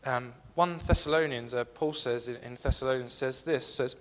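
A man's voice: medium pitch, normal speed, hardly any pauses, in a large hall. A man giving a sermon, earnest and repeating his key phrases as he reads scripture aloud. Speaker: preacher.

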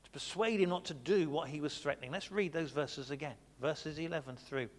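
A man's voice: fairly high pitch, brisk, in a large hall. A man preaching a Bible study sermon, talking conversationally and asking the congregation questions.

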